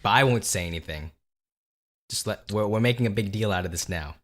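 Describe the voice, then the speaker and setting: A man co-hosting a podcast, chatting casually about video games in a relaxed, teasing way and swearing now and then. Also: lowish voice, a little fast. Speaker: podcast co-host.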